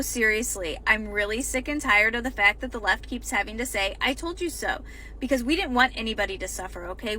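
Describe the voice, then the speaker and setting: Exasperated woman with a bright voice. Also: fairly high pitch, a little hiss or hum, rough recording. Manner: exasperated, lecturing. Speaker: online commentator. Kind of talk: political commentary.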